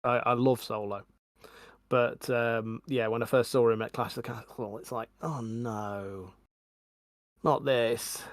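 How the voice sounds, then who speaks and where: A man in his forties co-hosting a podcast, chatting casually in a measured, reflective way. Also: medium pitch, level tone, no room sound, clean studio sound. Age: 40s. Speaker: podcast co-host. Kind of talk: casual chat.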